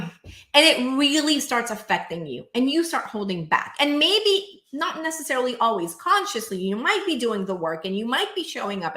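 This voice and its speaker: Woman business coach talking to camera, super emphatic, lots of "like, right?", bright voice, echoey room. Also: a little high. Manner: energetic, emphatic, peppered with "like" and "right?"; acts out clients' inner voices in quick asides. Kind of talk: direct-to-camera coaching monologue.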